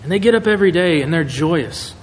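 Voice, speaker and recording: A man preaching a sermon in a conversational, animated way, acting out quotes. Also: a little high, brisk. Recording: echoey hall, faint noise.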